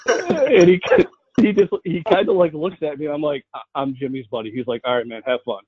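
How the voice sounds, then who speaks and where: A man telling a long, lively story among friends on a podcast, laughing as he goes. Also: a little high, slightly rough, no echo. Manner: fast, animated, laughing storyteller. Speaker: podcast co-host. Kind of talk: casual storytelling. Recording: dry, tinny phone-like sound.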